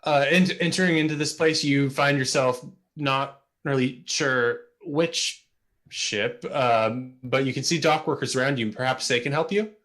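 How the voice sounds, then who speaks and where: A man's voice: medium pitch, normal speed. A male game master describing the scene to his players. He rambles, restarts phrases and keeps things easygoing. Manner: rambling, repeats words, relaxed and friendly. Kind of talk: narrating a tabletop game.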